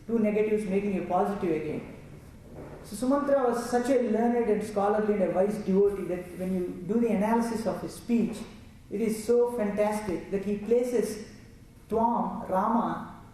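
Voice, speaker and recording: A man's voice: high-pitched, mellow, distant mic, slight background noise. Man giving an echoey scripture talk. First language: Telugu. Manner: explanatory, recites Sanskrit verses. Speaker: religious storyteller. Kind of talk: scripture discourse.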